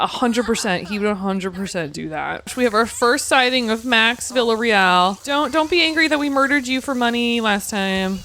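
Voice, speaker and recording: Chatty, giggly woman with a high voice. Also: fairly bright tone. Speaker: gaming channel host. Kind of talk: casual gameplay commentary.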